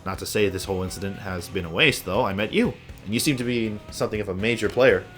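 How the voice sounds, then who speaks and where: A man's voice: fairly low pitch, fast talker, a bit bright, soft background music, close to an everyday voice. An actor voicing a flamboyant young man in a video game, a hero-obsessed fan who talks in grand, theatrical phrases. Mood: grandiloquent. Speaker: game character.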